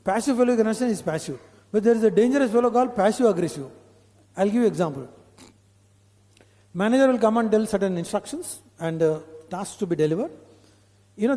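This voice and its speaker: Male corporate trainer, Indian English, high mellow voice, lecture hall echo, quizzes the room. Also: quick pace, pauses often. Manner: conversational, repeats points, quizzes audience with "huh?". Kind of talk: live training session. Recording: long hall reverb.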